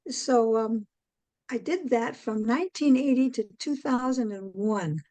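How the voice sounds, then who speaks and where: An older woman, a guest in an interview, telling a long story in a rambling way, with many pauses and "um"s. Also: a little high, lively intonation, dark tone, dry recording, rough recording. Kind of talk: casual interview chat.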